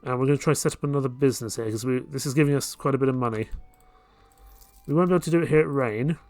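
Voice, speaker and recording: A man's voice: medium pitch, racing, no room sound. A man hosting a let's play, giving casual commentary as he plays and thinking aloud about his next moves. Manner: relaxed, thinking aloud while playing. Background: faint game music.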